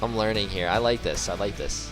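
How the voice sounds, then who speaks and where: A man's voice: lowish voice, brisk, music in the background. A male streamer chatting casually and joking around, repeating words as he tries out pronunciations.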